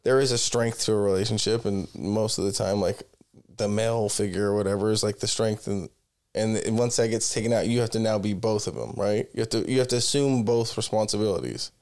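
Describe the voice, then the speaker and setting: A man's voice: lowish voice, a little fast, a little mellow. A man in a casual podcast chat, speaking bluntly and swearing freely. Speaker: podcast host.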